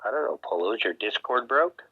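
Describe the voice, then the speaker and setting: A man's voice: medium pitch, animated, fairly quick, husky, no echo. A man on voice chat during a game stream, half asleep, laughing and stumbling over his words. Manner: sleepy, laughing, stumbling restarts. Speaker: friend on voice chat. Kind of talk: casual voice chat. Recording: dull voice-chat audio.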